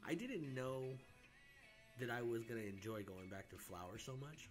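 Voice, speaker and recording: A man hosting a casual live stream from home, rambling and swearing freely, high on cannabis and clearing his throat often. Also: lively intonation, moderate pace, over music. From United States. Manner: rambling, profane, laid-back, frequent throat clearing.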